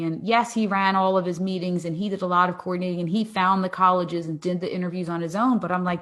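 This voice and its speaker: A woman in her forties, a podcast guest, telling a family story in a lively way, acting out dialogue and often laughing. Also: on the low side, quick pace, hardly any pauses. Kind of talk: casual interview storytelling.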